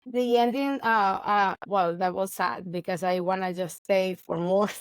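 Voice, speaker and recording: A woman, a baker chatting in an interview, animated and laughing often. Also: medium pitch, measured pace, clear, resonant tone, no room sound, low-quality recording. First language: Spanish. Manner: animated, laughs often, non-native grammar. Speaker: baker and guest. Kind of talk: casual interview chat.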